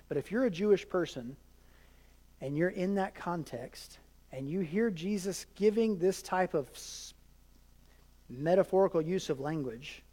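A male pastor preaching a sermon in an animated, conversational way, often checking in with his congregation. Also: a little high. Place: large church hall. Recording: hall reverb.

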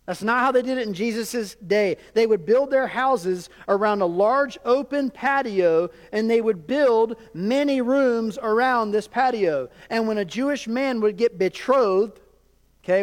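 A male pastor preaching a sermon in an animated, conversational way, often checking in with his congregation. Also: high-pitched. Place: large church hall. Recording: hall reverb.

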